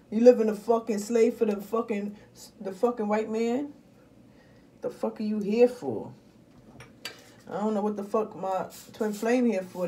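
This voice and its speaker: A woman venting bluntly and profanely to her viewers in casual talk, swinging between muttering and loud outbursts. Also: medium pitch, slight background noise. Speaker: vlogger.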